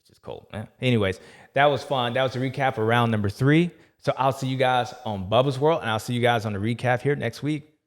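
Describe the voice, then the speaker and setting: A man hosts a casual race recap, full of slang and animated storytelling. His voice sits at a middle pitch for a man, and his talk is loose and conversational. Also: brisk. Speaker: host.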